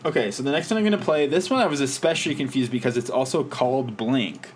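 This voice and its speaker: A man's voice: mid-range voice, quick pace, a little hiss or hum. A man from Calgary co-hosting a podcast, talking in a rambling, wry way and laughing easily. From Calgary, Canada. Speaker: podcast co-host. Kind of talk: casual chat.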